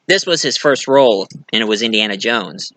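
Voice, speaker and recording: Bright-voiced chatty male movie reviewer. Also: lowish voice, expressive, brisk, no echo. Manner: rambling, chatty, many restarts, laughs at own jokes. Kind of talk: casual film review monologue.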